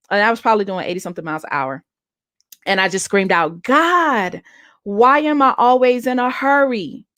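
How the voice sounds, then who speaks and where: A woman's voice: fairly low pitch, a bit bright, no room sound, studio quality. A woman in her late thirties hosting a podcast, telling a personal story candidly and earnestly, often restarting her sentences. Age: 30s. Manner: earnest, self-revealing, with many restarts. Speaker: podcast host.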